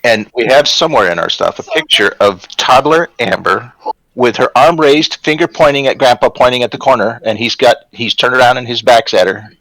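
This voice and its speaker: A middle-aged man telling family stories in a casual, animated chat. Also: medium pitch, a little fast, no room sound, low-quality recording. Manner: chatty, animated when quoting others.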